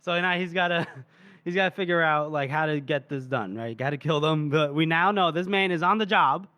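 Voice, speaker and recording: Animated, higher-voiced podcast co-host man. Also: fairly quick, clean tone. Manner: animated storytelling, laughing often. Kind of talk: casual book-discussion chat.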